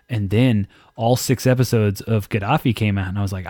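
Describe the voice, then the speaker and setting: A man's voice: fairly low pitch, animated, a little fast, few pauses, no room sound, studio quality. A man co-hosting a casual podcast, ranting animatedly and swearing heavily as he talks. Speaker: podcast co-host. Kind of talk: casual profane podcast chat.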